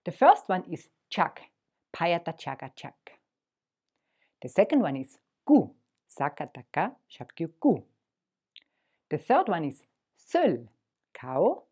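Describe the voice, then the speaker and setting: A woman teaching a language lesson in a gentle, patient, encouraging way. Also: low voice, breathy edge.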